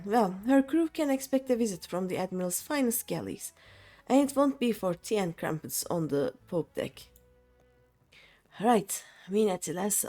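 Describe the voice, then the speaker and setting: A woman reading game lines for a brash, swaggering male rogue who talks in rough sailor slang. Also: mid-range voice, dark tone, natural voice. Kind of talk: reading game dialogue aloud.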